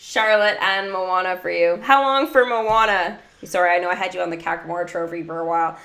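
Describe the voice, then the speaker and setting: A woman's voice: on the low side, fairly quick, gravelly, fairly bright tone. A woman chatting casually during a mobile game livestream, giggling often and answering her viewers' chat.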